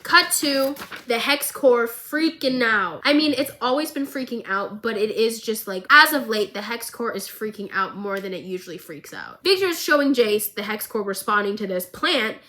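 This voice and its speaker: A young woman vlogger giving a casual, animated recap of a show, with lots of filler words. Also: a little high. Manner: animated, chatty, filler-heavy.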